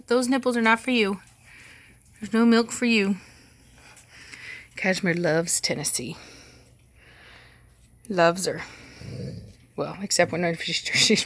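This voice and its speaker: A woman's voice: mid-range voice, fairly bright tone. A woman dog breeder chatting casually while doing outdoor chores, often cooing baby talk to her dogs.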